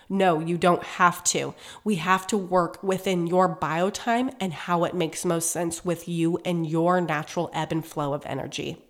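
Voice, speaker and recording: Nasal, congested woman podcast host. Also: fairly low pitch. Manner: direct, encouraging, coaching tone to listeners. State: congested from a cold. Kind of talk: motivational podcast monologue.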